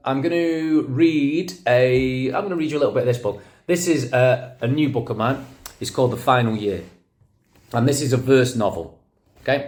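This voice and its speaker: Earnest encouraging man, low voice. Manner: earnest, encouraging, speaks straight to young listeners. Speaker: poet and former teacher. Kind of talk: poetry workshop talk to children.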